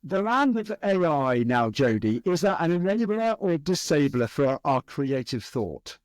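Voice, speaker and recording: A man's voice: fairly high pitch, sing-song, no room sound. Polite man hosting an interview. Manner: polite, slightly halting, with restarts. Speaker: podcast host. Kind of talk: interview host questions.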